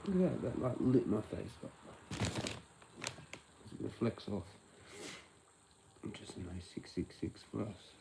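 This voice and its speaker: Gravelly Australian man rambling on a livestream. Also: fairly low pitch, big pitch swings, brisk, few pauses, noisy background. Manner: loose and profane, drifts into half-whispers. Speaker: livestream host. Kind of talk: rambling casual livestream chat.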